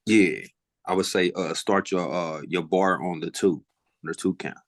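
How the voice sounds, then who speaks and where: Deep-voiced halting male student. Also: fairly even intonation, no room sound, studio quality. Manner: halting, full of fillers, scats beat patterns. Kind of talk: answering in class.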